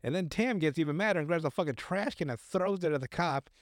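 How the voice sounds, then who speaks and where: A man's voice: fairly high pitch, lively intonation, fast, no room sound, clean studio sound. A man casually recapping a film on a podcast, rambling, swearing often and acting out the characters' lines. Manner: rambling, profane, acts out quotes. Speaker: podcast co-host.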